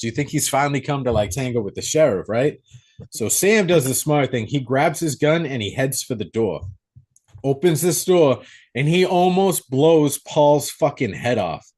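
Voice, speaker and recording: A young man co-hosting a podcast, recapping a horror movie in a profane, animated way. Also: medium pitch. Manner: profane, animated storytelling with acted-out quotes. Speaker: podcast co-host. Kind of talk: casual movie recap chat.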